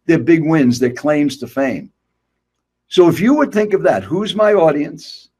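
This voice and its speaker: An older man teaching public speaking, emphatic and direct, asking rhetorical questions. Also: on the high side. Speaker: guest speaker. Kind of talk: motivational speaking coaching.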